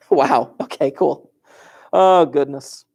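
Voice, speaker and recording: A man's voice: fairly high pitch, creaky, a little mellow. A man teaching an algebra class over a livestream from his classroom desk, joking and teasing his students and chuckling often. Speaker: high school algebra teacher.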